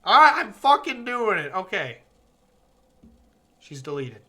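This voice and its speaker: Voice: medium pitch, very animated, unhurried, bright, forceful tone, slight background noise. A streamer giving live, profane, joking commentary while playing a visual novel.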